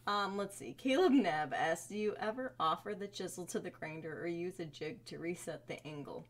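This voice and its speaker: A woman's voice: fairly low pitch, moderate pace. A woman co-hosting a live stream, reading out viewer questions in a playful, giggly way.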